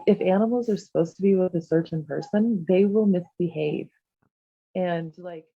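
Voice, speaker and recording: A woman, a podcast guest who heals and talks with animals, speaking softly and haltingly with lots of fillers. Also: fairly low pitch, no echo, highs cut off. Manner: soft, halting, many fillers and "like". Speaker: guest, shamanic healer and animal communicator. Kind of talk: casual chat.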